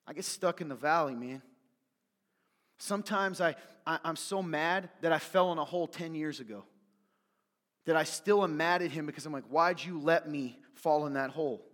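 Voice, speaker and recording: A man preaching a sermon, his voice sitting a bit high for a man. He swings from fired-up, driving exhortation to quiet, confiding asides. The sound carries the long reverb of a large church hall. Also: normal speed, long pauses. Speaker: pastor.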